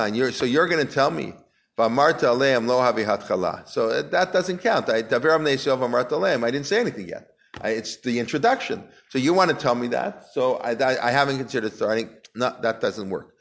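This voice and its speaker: A man's voice: medium pitch, vocal fry, a bit bright. A man teaching a Talmud class, chanting Aramaic passages and then explaining them in casual English, asking the class questions and often restarting his sentences. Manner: conversational, asks the class questions.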